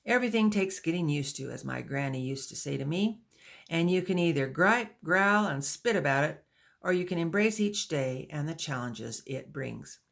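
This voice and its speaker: Give me a steady, patient wagon teamster man, read by a woman, a little gravelly, explaining things in an audiobook. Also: low voice, normal speed. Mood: reassuring. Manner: patient, instructive. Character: male wagon teamster guiding pioneer women, patient and steady. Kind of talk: audiobook dialogue.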